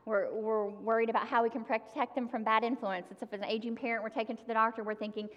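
A woman's voice: a little high, little pitch movement, fast talker, few pauses, muffled recording. A woman giving a sermon, talking to the congregation in a conversational way and addressing them directly. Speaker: preacher. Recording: long hall reverb.

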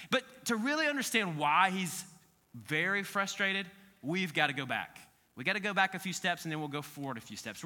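A man co-hosting a podcast, teaching scripture in a casual, animated storytelling way and acting out quoted voices. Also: fairly high pitch, in a large hall.

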